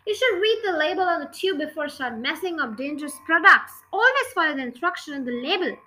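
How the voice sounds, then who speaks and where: A woman reading as a scolding, sharp-tongued mother. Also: high voice, expressive, fairly quick, slight background noise. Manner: scolding, dismissive. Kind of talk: storybook reading.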